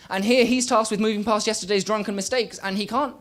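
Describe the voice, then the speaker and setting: Young male spoken word poet on a small stage; rhythmic, shifts from loud bursts to near murmurs, slightly high-pitched. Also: steady tone, fast. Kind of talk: live spoken word performance. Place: small live venue stage.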